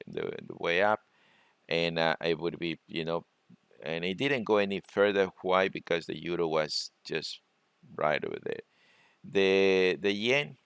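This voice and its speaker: A man presenting a trading webinar, talking through charts in a halting way and often repeating words. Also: low voice, creaky, fairly bright tone, smooth, dry recording. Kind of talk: screen-share trading lesson.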